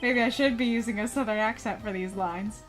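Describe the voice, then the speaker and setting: A woman's voice: mid-range voice, a little fast, soft background music. A woman streamer giving casual, playful commentary on a game and giggling often.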